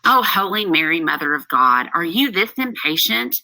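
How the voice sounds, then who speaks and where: Woman reading as a teasing old nurse, bright gravelly voice from a distance, dry. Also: lowish voice, sing-song, moderate pace, dry recording, full character voice. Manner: reads aloud plainly from the text. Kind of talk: classroom play reading.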